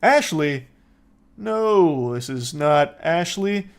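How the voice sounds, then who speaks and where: A man putting on a tipsy woman's voice, shrill and mocking, denying she has had a drink. The pitch sits high above his natural speaking voice. It comes out squeaky and over-indignant. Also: lively intonation, drawn-out words, smooth, heavily acted. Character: drunk woman insisting she is sober.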